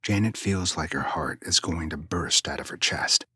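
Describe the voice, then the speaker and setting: Hushed, breathy low-voiced male narrator. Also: normal speed, no room sound, clean studio sound. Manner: hushed, suspenseful, often near a whisper. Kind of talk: scripted story narration.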